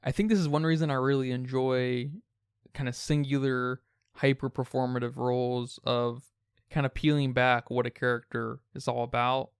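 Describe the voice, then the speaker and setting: A man co-hosting a casual film podcast, speaking in a measured, analytical way. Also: medium pitch, level tone, clean tone, no echo, clean studio sound. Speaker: podcast co-host.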